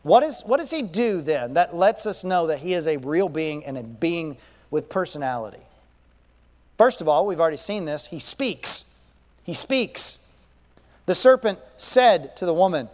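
A man's voice: on the high side, lively intonation, normal speed, a little mellow. A male pastor preaching a sermon, emphatic, repeating key phrases and asking rhetorical questions. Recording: long echoing reverb.

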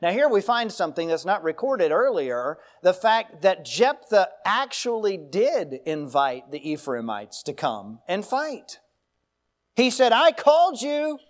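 High-voiced man preaching a sermon. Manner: preaching with folksy asides and storytelling. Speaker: pastor. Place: church.

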